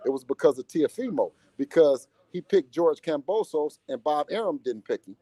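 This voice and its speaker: Boxer's father in an interview: animated, slangy, dark-toned, dry recording. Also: a little high, normal speed, dry recording. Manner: animated, repeats himself, slangy. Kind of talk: casual interview talk.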